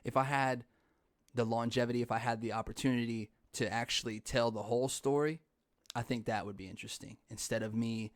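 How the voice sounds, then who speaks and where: A man's voice: mid-range voice, steady tone, fairly quick, dry recording, clean studio sound. Rambling young man hosting a podcast. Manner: rambling, laughs often, swears casually. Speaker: podcast host. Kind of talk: casual chat.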